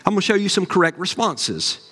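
A man, a pastor preaching a sermon with folksy stories and animated asides. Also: sits high, brisk, breathy edge. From Southern US. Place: church sanctuary. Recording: long reverb of a large hall.

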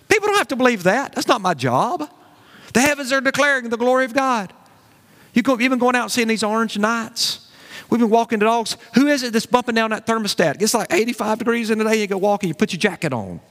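A man preaching a sermon as pastor, animated and conversational, with folksy asides to the congregation. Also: high-pitched, in a large hall.

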